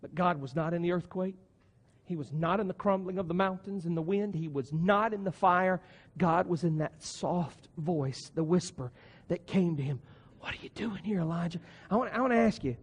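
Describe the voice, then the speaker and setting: A man preaching a sermon, moving between soft, low passages and loud, emphatic ones. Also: normal speed. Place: church sanctuary. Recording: long church reverb.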